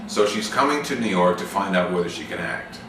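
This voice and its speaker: A middle-aged man, an actor and acting coach, rambles through a casual interview as a guest, full of fillers and restarts. His deep voice is expressive and brisk. He sounds off mic and distant, in an echoey room with faint noise.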